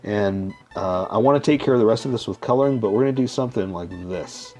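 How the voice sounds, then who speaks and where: A man with a lowish voice calmly explains a drawing step by step as he works. His talk is loose and unhurried, with frequent "okay?" check-ins, and soft music plays faintly behind him. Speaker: drawing tutorial host. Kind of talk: casual step-by-step drawing instruction.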